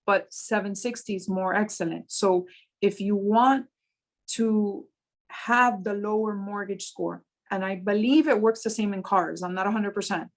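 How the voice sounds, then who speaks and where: A woman talks through her experience as a mortgage business owner. She tells stories with animation and slows deliberately on the points that matter, in an easy conversational interview. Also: mid-range voice, poor audio. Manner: animated storytelling, slows down to stress key points.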